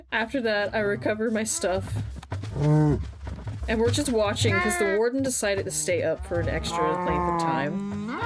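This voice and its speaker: A young woman with a mid-range voice chats casually as she plays a game on a live stream. She tells stories animatedly and swears now and then.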